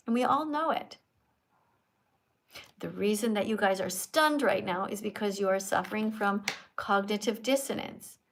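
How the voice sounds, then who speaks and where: A woman's voice: fairly high pitch, fairly bright tone. Preachy woman lecturing on a livestream. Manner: preachy, emphatic, teacherly. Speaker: livestream host and vegan activist.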